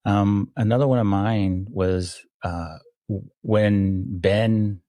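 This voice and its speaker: A man co-hosting a casual chat podcast, recounting scenes haltingly with many pauses and restarts. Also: fairly low pitch, steady tone, dark tone, dry recording. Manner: halting, with many fillers and restarts, then quoting characters. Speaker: podcast co-host.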